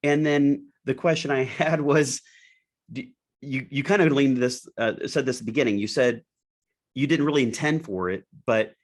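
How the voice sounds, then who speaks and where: A male interview host talking in an unhurried, exploratory way, working his thoughts out as he goes. His voice sits at a middling pitch and leaps upward when he stresses a word. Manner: thinking aloud, building up a question piece by piece. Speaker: podcast host. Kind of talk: conversational interview.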